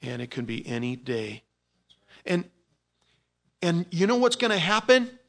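A man preaching a sermon in an animated, informal way, going from loud exclamations to quiet asides, with repeated words and restarts. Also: on the high side, unhurried, gravelly. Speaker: pastor.

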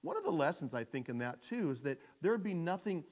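A male pastor preaching a sermon in an animated storytelling manner, dropping to a hush and rising to shouts. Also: on the high side, brisk.

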